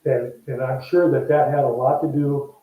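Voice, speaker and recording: A man's voice: medium pitch, moderate pace. An older man, a former ballplayer, telling stories in a casual interview and acting out the voices in them. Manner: animated, acts out quoted voices. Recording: echoey, distant, dull remote line.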